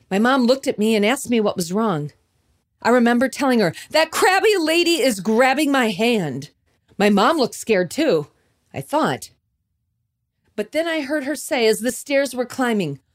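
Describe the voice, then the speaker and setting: A woman hosting a podcast, telling a personal story and then preaching with a building, repeating cadence. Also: fairly high pitch. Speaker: podcast host. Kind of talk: devotional storytelling talk.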